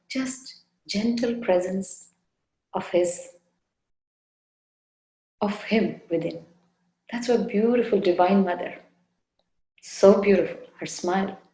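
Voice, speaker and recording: A woman spiritual teacher giving a devotional talk with guided meditation, soft, unhurried and gently coaxing, often repeating her phrases. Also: mid-range voice, reverberant, low-quality recording. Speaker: spiritual teacher leading a satsang. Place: indoor room.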